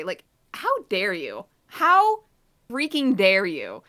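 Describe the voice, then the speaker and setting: A woman's voice: medium pitch, huge pitch swings, slow, bright, forceful tone. A woman co-hosting a podcast in casual chat, ranting in an exasperated, blunt way. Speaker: podcast co-host.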